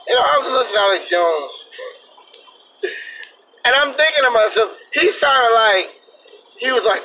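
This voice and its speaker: A man's voice: high-pitched, recorded from a distance, background noise. A man vlogging an indignant, emphatic opinion rant with plenty of profanity. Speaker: vlogger, truck driver.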